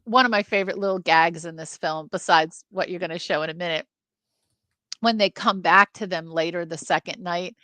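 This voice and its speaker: A woman co-hosting a casual film discussion, animated and jumping into movie lines. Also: fairly quick, no echo. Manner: animated, acts out movie lines with sudden pitch jumps. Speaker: film review co-host.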